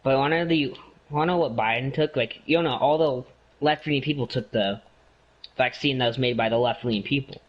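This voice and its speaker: A man chatting casually with a friend, mocking and slowing down for sarcastic emphasis. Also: medium pitch, lo-fi sound. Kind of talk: casual chat.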